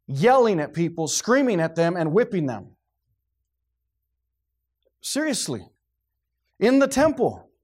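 A man preaching a sermon, animated and dramatic, acting out scenes and swinging from quiet, low passages to shouted ones. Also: husky.

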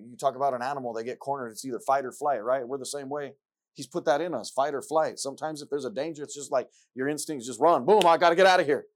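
A man preaching to his congregation in an earnest, heartfelt way. His voice sits at an ordinary middle pitch and he leans on repeated scripture phrases. He swings between soft reflection and loud, excited stretches. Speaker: pastor. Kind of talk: sermon.

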